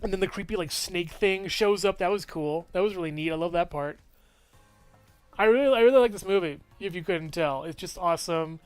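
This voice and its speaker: A man's voice: sits high, brisk, clear, resonant tone, dry recording, soft background music. A man giving a casual, rambling movie review with lots of enthusiasm and frequent laughs.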